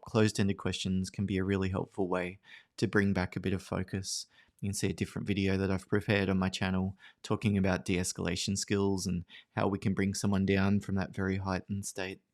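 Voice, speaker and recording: Man, lowish voice, calm explanatory seminar tone, dry close recording. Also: no room sound. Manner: calm, explanatory, models empathetic phrases. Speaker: workplace trainer.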